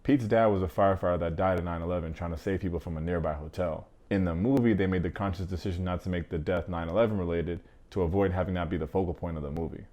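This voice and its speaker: A man with a low, deep voice hosts a movie review. He talks fast and loose, in a casual, slangy way with quick joking asides. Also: fairly even intonation, warm tone.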